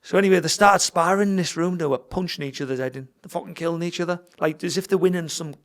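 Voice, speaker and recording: A man's voice: fairly high pitch, fast talker. A middle-aged man, a fighter and gym owner telling a story as a podcast guest, swearing freely and acting out what people said. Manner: swears freely, tells the story with quoted dialogue. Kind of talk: casual storytelling in a podcast interview.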